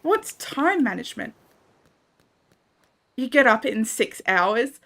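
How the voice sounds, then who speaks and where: A woman's voice: fairly high pitch, sing-song, slow, vocal fry, a bit bright. A young Australian woman chatting casually with her viewers while gaming on a livestream, laughing often and reading out chat messages. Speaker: streamer.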